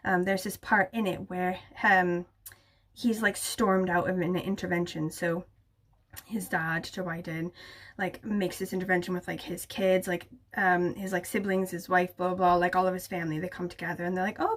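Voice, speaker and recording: A woman's voice: lowish voice, flat delivery, moderate pace, a bit bright. A young woman chatting casually to camera about books, gushing and full of filler words. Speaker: book vlogger.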